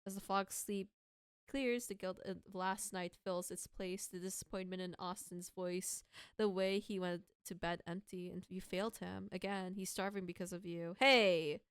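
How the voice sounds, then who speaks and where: A woman's voice: medium pitch, steady tone, normal speed, clear, resonant tone, dry recording, studio quality. A young woman streaming a horror game, reading story text aloud and breaking into pleading, dramatic outbursts at the characters. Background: faint background music.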